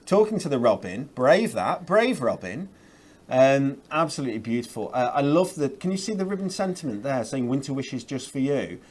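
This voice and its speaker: A man's voice: mid-range voice, big pitch swings, normal speed, darkish tone, husky. A man presenting craft products on a shopping channel, chatty and upbeat with lots of fillers. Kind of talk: enthusiastic product demonstration.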